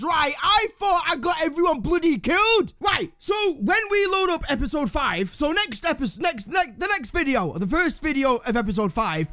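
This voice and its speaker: A man commentating his own gameplay in an excitable, self-mocking way, swearing as he goes. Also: very high-pitched, no room sound. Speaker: gaming commentator. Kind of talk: let's play commentary.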